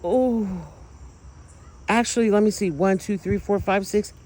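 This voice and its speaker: A man filming outdoors at night, talking to viewers in an emotional, awed, exclaiming way with drawn-out words. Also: high-pitched, darkish tone, rough recording. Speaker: vlogger filming lights at night. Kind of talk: excited casual commentary to viewers.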